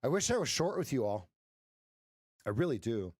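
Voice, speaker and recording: A man's voice: mid-range voice, sing-song, moderate pace, a little mellow, dry recording, clean studio sound. Chatty man hosting a trading livestream. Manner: joking, talks straight to chat, folksy pep talk. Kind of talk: casual livestream chat with viewers.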